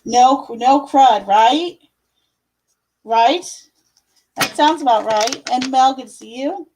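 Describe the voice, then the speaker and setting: In a slow, high, slightly mellow voice, a young livestream tarot reader chats casually through her readings, full of fillers and calling viewers "love" and "my dear." The low-quality recording carries slight background noise.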